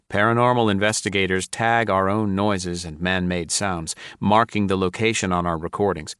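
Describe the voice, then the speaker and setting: A man narrating a first-person mystery audiobook in a measured, even storytelling manner. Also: low voice, clean tone, no room sound, studio quality.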